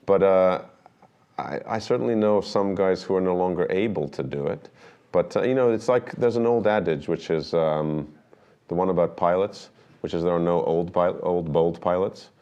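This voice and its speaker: Deep-voiced man telling animated stories. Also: moderate pace, clean tone, lo-fi sound. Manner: animated anecdotes, acts out quoted dialogue. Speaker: documentary filmmaker guest. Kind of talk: conversational storytelling interview.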